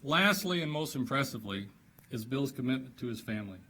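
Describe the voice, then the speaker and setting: A man's voice: medium pitch, animated, brisk, husky, rough recording. A man with a mid-range voice introduces a colleague at a banquet podium. He heaps on praise and slips in a few light jokes along the way. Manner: warm, praising, lightly humorous. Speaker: presenter. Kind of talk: introduction speech. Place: banquet hall.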